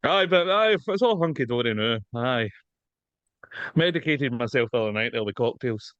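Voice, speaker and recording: A Glaswegian man co-hosts a podcast, chatting in an easygoing, sweary way. His mid-pitched voice comes through slightly dull and dry, as if from a modest mic. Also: lively intonation, moderate pace, fairly bright tone, no room sound. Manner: swearing, laid-back. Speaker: podcast co-host. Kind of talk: casual chat.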